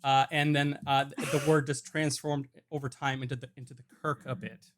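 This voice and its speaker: A man on a comedy podcast panel, making up a story haltingly with many uhs. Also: medium pitch, level tone. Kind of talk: casual podcast chat.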